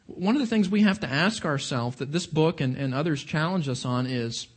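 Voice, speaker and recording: Lively high-pitched male preacher. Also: moderate pace, breathy edge. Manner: questioning the audience, emphatic. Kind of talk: sermon.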